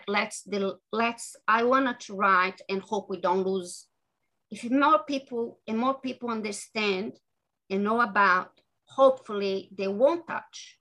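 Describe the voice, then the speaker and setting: Bright-voiced earnest woman author. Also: mid-range voice, low-quality recording. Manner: earnest, halting, with many restarts. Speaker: author and guest. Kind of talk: podcast interview conversation.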